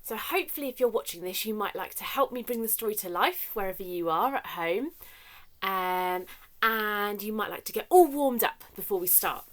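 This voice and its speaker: A young woman leading a children's story time with warm-up games, talking in a sing-song way that swings from whispers to shouts. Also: mid-range voice, expressive, normal speed.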